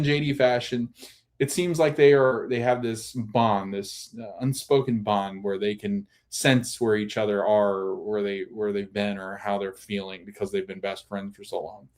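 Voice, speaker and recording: A podcast host, a man, recaps a TV episode in a casual, animated way. He backtracks and restarts often, and his voice sits a little low. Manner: animated storytelling with many restarts.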